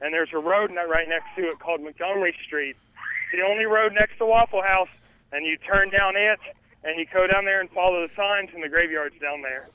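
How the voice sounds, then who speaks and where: A man's voice: high-pitched, brisk, clear, resonant tone, narrow, tinny audio. A man calling in live from a haunted attraction, telling stories in a loose, rambling way. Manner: rambling, laid-back storytelling. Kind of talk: casual live field report.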